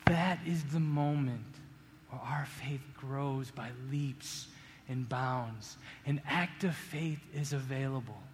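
A man preaching a sermon as pastor, earnest, rising to emphatic peaks and dropping to hushed appeals. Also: on the high side, slow, slight background noise. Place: church sanctuary. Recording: long hall reverb, faint room ambience.

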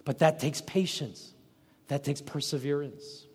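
A man preaching a sermon as pastor, emphatic, rising to loud peaks and dropping to soft, low phrases. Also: unhurried, husky, big-room sound.

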